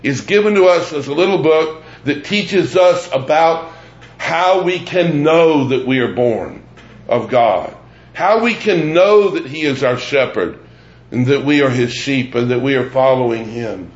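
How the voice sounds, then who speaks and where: A man preaching a sermon as pastor, deliberate and emphatic, repeating phrases for weight. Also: medium pitch, lively intonation, reverberant, highs cut off. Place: church sanctuary.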